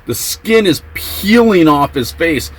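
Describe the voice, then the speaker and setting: A man telling a story from his time in prison in a casual vlog, acting out the quotes with excited yelps. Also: a little high, takes it slowly, poor audio.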